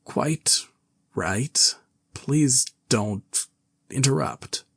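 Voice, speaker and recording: A man's voice: mid-range voice, slow pace, husky, dry recording, studio quality. A man voicing a prim, flustered vicar who speaks in jerky half-whispers. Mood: strained.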